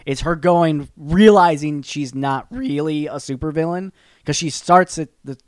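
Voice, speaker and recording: A man co-hosting a podcast in casual chat, talking in a rambling, animated way with many fillers and restarts. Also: on the high side, measured pace, dry recording, clean studio sound. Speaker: podcast co-host.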